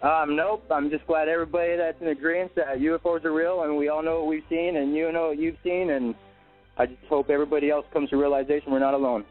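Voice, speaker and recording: A man calling in to a radio show, talking quickly and with excitement. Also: on the high side. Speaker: caller. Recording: phone line with faint music.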